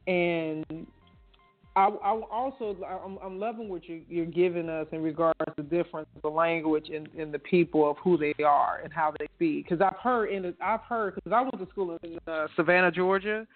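High-voiced, affirming interview host. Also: male voice, fairly even intonation, normal speed. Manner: affirming, enthusiastic listener. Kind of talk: interview chat. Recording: tinny phone line, faint music.

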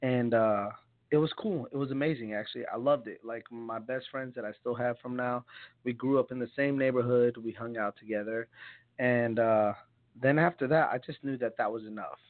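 A man's voice: medium pitch, steady tone, moderate pace. Man from New Jersey, tinny sound. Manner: rambling, laughing storyteller with many restarts. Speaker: songwriter guest. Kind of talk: casual chat.

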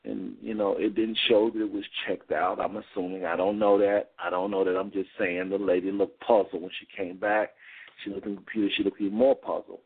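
A man's voice: sits low, little pitch movement, a little fast, creaky, husky. A man hosting a show, telling a rambling story in a folksy way and talking straight to his listeners. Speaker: host. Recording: phone-line sound.

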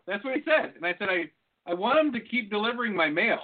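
A high-voiced man tells a profane story in casual chat and acts out both sides of a phone call. The sound is thin and tinny, like a phone line. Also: lively intonation, brisk. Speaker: podcast co-host.

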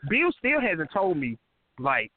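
A man with a high voice trades stories in a casual podcast chat. He tells them with animated energy, slipping into other people's voices as he quotes them. The sound is thin and boxy, like a phone line. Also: slow, a little hiss or hum.

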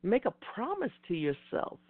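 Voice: mid-range voice, huge pitch swings, normal speed, no room sound. Earnest host on a tinny phone-like line. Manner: earnest, emphatic, preacher-like repetition. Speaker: host of an online talk show. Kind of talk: motivational talk. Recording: dry tinny phone-like audio.

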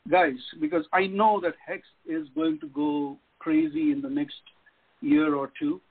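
A tearful, distressed man calls in over a thin, tinny phone line. His husky, gravelly voice swings widely and jumps high as he speaks. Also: sing-song, unhurried. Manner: distressed, voice rising sharply. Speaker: caller. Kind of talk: emotional phone call-in story.

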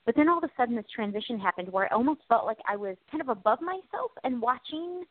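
A woman co-hosting a radio chat, sharing a personal story in a chatty, reflective way. Her voice sits a little high. It comes through a thin, tinny phone-like line with no room echo. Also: lively intonation, quick pace. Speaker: radio show co-host. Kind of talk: casual chat.

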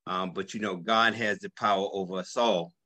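A man's voice: sits low, fairly even intonation, moderate pace, pushed and bright. A man in his seventies, a guest on a radio interview, telling his story with hesitant fillers. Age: 70s. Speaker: guest, health practitioner.

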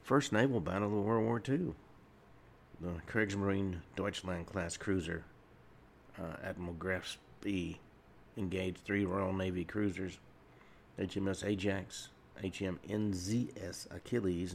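A man hosting his own radio talk show, rambling through history notes with many pauses and fillers, speaking from a studio. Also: sits low, steady tone, slight background noise. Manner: rambling, with frequent uh fillers and restarts. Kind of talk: solo radio talk monologue.

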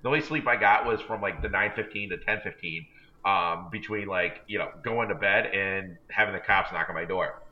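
A man co-hosting a podcast tells a long, self-deprecating tale in a loose, chatty manner. His low-pitched voice moves at a moderate pace, and the recording sounds dull and lo-fi.

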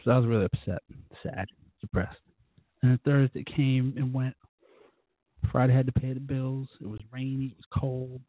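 A man hosts his own talk show, drinking as he rambles through a crude, profanity-laced story. His voice is husky, and the recording is dry and narrow, like a phone line. He sounds loose and a little wasted. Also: mid-range voice, level tone, moderate pace, no echo. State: tipsy from drinking. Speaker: podcast host. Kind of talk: casual rambling monologue.

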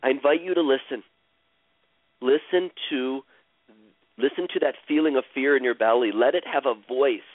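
A man leads a guided healing session in an unhurried, soothing voice, repeating the same phrases over and over like a chant. His voice comes through thin and tinny, as if over a phone line. The sound is dry, with no room around it. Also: medium pitch, dry recording. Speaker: host guiding a caller through emotional healing.

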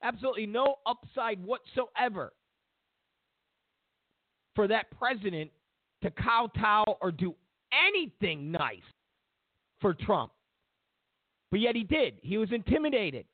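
A man's voice: high voice, expressive, measured pace, pauses often, no echo. A man hosting a political commentary show, ranting sarcastically and mocking others in put-on voices. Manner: sarcastic, mocks others in exaggerated voices, repeats himself for emphasis. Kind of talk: opinionated political rant. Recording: dry, phone-like narrow sound.

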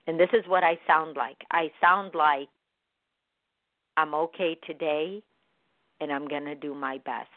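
A woman hosting a morning show, talking in a gentle, encouraging way about dreams and self-love with repeated soothing phrases. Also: deep voice, fairly even intonation, unhurried, long pauses, no room sound. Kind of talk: spiritual self-help talk. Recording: phone-like narrow sound.

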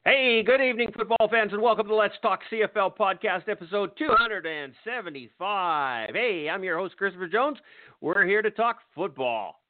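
A man's voice: high-pitched, lively intonation, moderate pace, no room sound. Older man ranting over a tinny line. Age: 60s. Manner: profane, exasperated ranting. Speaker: podcast host. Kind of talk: angry sports rant. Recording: tinny phone-line sound.

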